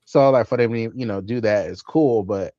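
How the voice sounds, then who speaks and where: A man's voice: fairly low pitch, normal speed, mellow, dry recording. A man co-hosting a tech podcast in laid-back casual chat, swearing easily and laughing as he mimics others. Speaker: podcast co-host. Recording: dull, dry lo-fi audio.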